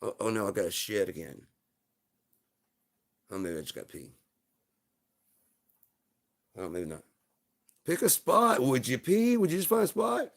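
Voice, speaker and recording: A man's voice: on the low side, expressive, a little slow, gravelly, long pauses, voice pushed up, exaggerated voice. A man voicing a cranky, foul-mouthed small male pet dog who gripes and swears. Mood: fed up. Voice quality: profane, griping.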